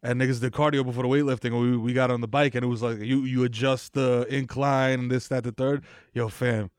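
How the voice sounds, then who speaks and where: A man's voice: medium pitch, flat delivery, fairly quick, smooth, no echo, studio quality. A man chatting casually as a podcast co-host, rambling and slangy. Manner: rambling, lots of fillers and restarts, slangy. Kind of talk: casual chat.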